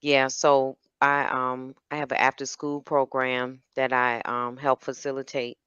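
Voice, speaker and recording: A friendly caller chatting casually on a livestream. The voice is bright and smooth, but it comes through a somewhat dull, dry call-in line. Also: mid-range voice, monotone, a little slow, dry recording.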